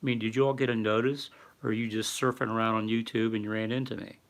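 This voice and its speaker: A man's voice: lowish voice, little pitch movement, fast talker. An older man hosting a casual livestream, rambling and reading viewer chat aloud with lots of fillers. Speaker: livestream host. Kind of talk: casual live-stream talk.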